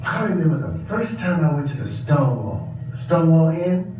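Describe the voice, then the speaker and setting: A man's voice: a little high, sing-song, moderate pace, darkish tone, slight background noise. An actor performing a stage monologue as a sassy, flamboyant older drag queen with a campy, theatrical way of talking who calls the listener darling. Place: large echoing exhibition space. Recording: roomy, distant, dull exhibit recording.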